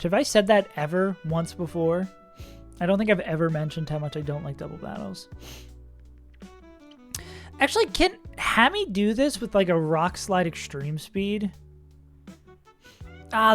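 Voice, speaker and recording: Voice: medium pitch, a bit bright. A young adult streamer chatting casually with viewers and reacting aloud while playing a game. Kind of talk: casual gaming stream chat. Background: faint music.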